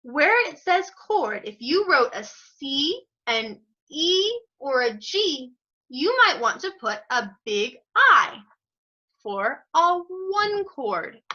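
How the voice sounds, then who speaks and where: Music teacher, woman, bright lively high voice, encouraging, lo-fi sound. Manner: encouraging, praises students by name; slow, step-by-step instructions. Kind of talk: online group music lesson. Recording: dull lo-fi audio.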